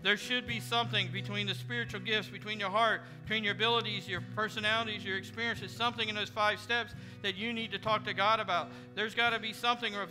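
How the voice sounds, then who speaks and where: A man's voice: high-pitched, fairly even intonation, quick pace, few pauses. A man preaching a sermon as pastor, earnest, acting out imagined prayers and conversations. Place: church sanctuary. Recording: church hall reverb with music behind.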